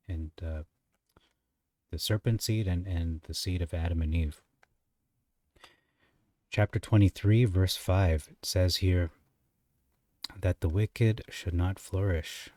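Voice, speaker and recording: Low, dark-voiced man teaching scripture. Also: dry recording, recorded from a distance. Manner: explains slowly, reads verses aloud, asks rhetorical questions. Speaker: Bible teacher. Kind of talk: unscripted scripture commentary.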